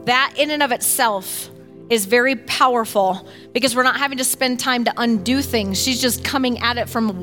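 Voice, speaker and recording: A woman with a high, bright, ringing voice talks through a point of faith with energy and emphasis. She often drops into acting out what others say, and faint music plays underneath. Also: moderate pace. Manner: emphatic, animated, acts out others' words. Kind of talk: casual teaching talk on faith.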